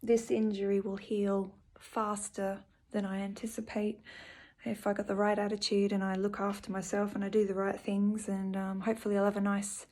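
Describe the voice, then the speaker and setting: Woman vlogging from home, earnest and soft, kinda flat even voice, lots of ums. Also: mid-range voice, moderate pace. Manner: soft, earnest and emotional, with frequent fillers. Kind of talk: personal video update. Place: her home.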